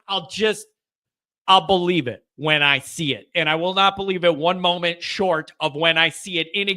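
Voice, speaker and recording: A man hosts a live fan call-in show, chatting casually and breaking into laughter. His voice sits high and sounds very bright and forceful. He talks in an animated way, sometimes shouting as he mocks comments. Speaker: host of a fan call-in livestream.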